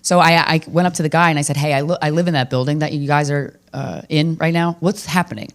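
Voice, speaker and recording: A woman comedian hosting a podcast, telling stories in a brash, profane, animated way, with sudden loud jumps in pitch. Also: fast talker. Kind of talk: casual comedic storytelling.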